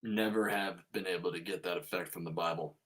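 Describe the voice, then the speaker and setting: A man's voice: deep voice, fairly even intonation, brisk, a bit bright. A man hosting a podcast, giving a casual spiritual monologue in an emphatic way and swearing freely.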